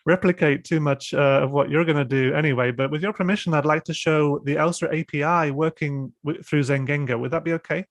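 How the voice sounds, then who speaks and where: A British man hosting a webinar discussion and software demo, speaking with many fillers and restarts over a video call. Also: a little high, fairly even intonation, a little fast, few pauses, dry recording. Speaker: host.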